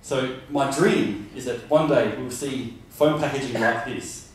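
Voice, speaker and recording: Unhurried and mid-range, an Australian man's voice carries from a distance across a roomy conference room. He's giving a presentation that rambles, with plenty of fillers and restarts, over slight background noise.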